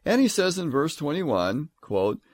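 A man giving a scripture lecture, emphatic, reading verses aloud in a measured, solemn tone. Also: on the high side, very animated, a little mellow, no room sound. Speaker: Bible teacher.

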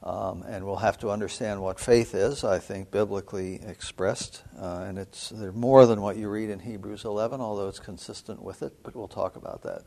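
A man lecturing as a seminary professor on scripture, measured and thoughtful, with frequent pauses and an occasional throat-clearing. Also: lowish voice, steady tone, darkish tone. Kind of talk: biblical studies lecture.

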